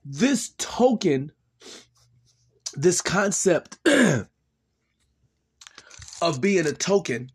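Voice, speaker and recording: A man talking to his viewers in an emotional monologue, tearful and clearing his throat, slow and emphatic, repeating his phrases. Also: fairly high pitch, very animated. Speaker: vlogger.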